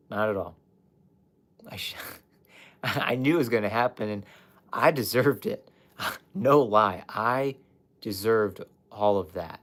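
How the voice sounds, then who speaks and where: A young man candidly telling his personal story on a livestream, swearing at times and talking straight to his chat. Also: on the low side. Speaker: life coach livestreamer.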